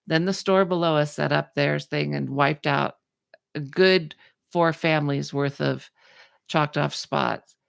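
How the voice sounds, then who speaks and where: A woman hosts a podcast, telling a story in casual chat with a deep, smooth voice, vocal fry, and a measured pace. She's animated and acts out the people in her story, recorded in a clean studio with no echo.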